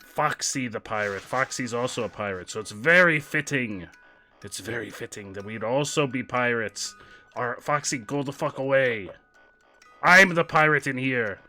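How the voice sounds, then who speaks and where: A man voicing a boisterous male pirate who growls "arr" and boasts loudly during livestream gameplay banter. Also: mid-range voice, normal speed, soft background music. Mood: boastful.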